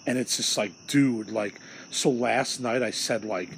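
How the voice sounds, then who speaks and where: A man's voice: mid-range voice, a little slow, slight background noise, low-quality recording. A young man from Illinois hosting a solo podcast, venting in a rambling, profane, agitated way. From Illinois, USA. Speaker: podcast host.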